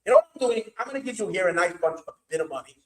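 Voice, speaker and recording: A man's voice: high-pitched, lively intonation, very fast, echoey room, far from the mic, slight background noise, poor audio. A man voicing a wealthy, hot-tempered father-in-law in a spoken story, pressing and bargaining emphatically. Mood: persuading. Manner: pleading then bullying, emphatic.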